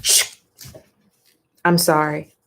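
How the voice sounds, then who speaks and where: A woman reading a comic live on stream, reacting excitedly, swearing and calling out to her viewers. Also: low-pitched, drawn-out words, vocal fry. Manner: excitable, exclaiming, swears freely, talks to viewers as y'all; reads comic dialogue aloud between reactions.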